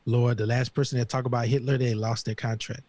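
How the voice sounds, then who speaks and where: A man talking in a casual panel discussion in a slangy, animated, emphatic way. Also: mid-range voice, a little fast. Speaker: regular panelist.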